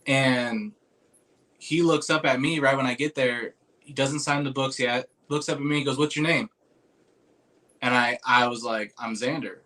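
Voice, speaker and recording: A young podcast host with a medium-pitched voice tells a long story at normal speed in casual chat. He's animated and rambling, acting out other people's lines and restarting often.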